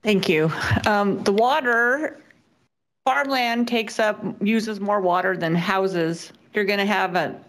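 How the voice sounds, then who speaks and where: A woman's voice: medium pitch, slow, fairly bright tone, rough recording. A woman chairing a public hearing, plainspoken and procedural as she calls up speakers. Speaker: meeting chair.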